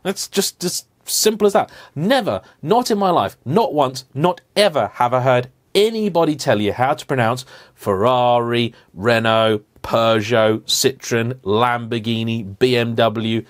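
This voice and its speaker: A man hosting a car vlog, giving an animated, emphatic, playfully indignant rant to camera. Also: mid-range voice, a little slow. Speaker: car vlogger host.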